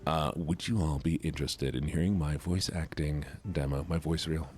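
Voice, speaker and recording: A man's voice: a bass voice, moderate pace, darkish tone. A man, a streamer and voice actor, chatting casually with his viewers while playing a game. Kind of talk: casual gaming livestream chat.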